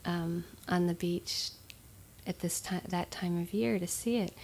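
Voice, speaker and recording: A woman giving a dharma talk as a meditation teacher, speaking conversationally with frequent fillers and soft laughs. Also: lowish voice, fairly even intonation, a little slow, a little hiss or hum.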